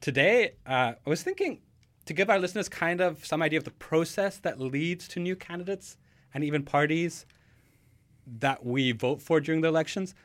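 A man's voice: on the high side, moderate pace. A man co-hosting a podcast in casual chat, rambling with lots of fillers and restarts. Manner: relaxed, rambling with many fillers. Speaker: podcast co-host.

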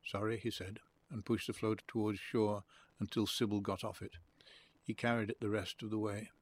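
A man reading a literary short story aloud. His narration is calm and measured. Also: on the low side, husky.

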